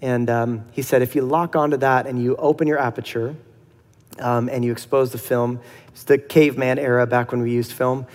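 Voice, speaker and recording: A middle-aged man preaching a sermon in a relaxed, conversational way, acting out dialogue and laughing softly now and then. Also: medium pitch, moderate pace, big-room sound. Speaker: pastor.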